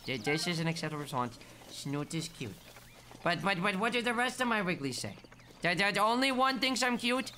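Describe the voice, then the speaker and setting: Gaming streamer, casual let's-play chat, playful, affectionate, soft murmurs, lively pitch, game music behind. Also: normal speed, long pauses.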